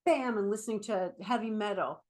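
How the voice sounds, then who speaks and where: A chatty woman therapist, somewhere in middle age, speaking casually in an animated vlog-style talk. She is on her feet as she speaks, with a medium-pitched voice, and sprinkles "like" and "right?" all through her sentences. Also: normal speed. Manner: speaking while standing and moving about.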